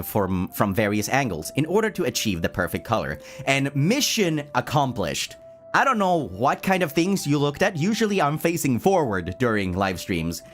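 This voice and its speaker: A male streamer talks casually to his chat, playful and quick to laugh. His pitch swoops about with lively energy, and he stumbles over words when excited. Soft music plays faintly behind him. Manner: playful and animated, reads chat aloud and answers it.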